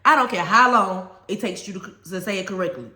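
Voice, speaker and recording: A woman's voice: mid-range voice, fairly quick, bright, forceful tone, echoey room. A woman, a former teacher, giving conversational classroom advice to other teachers, telling stories and repeating key points for emphasis.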